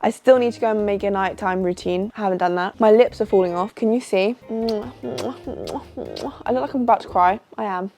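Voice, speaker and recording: A woman's voice: mid-range voice, big pitch swings, normal speed, gravelly, few pauses, darkish tone, faint music behind. A young British woman in her twenties, chatting to camera in a casual vlog, tired from little sleep, chatty and self-mocking. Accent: British English. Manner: chatty, self-mocking, jumps between topics. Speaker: vlogger.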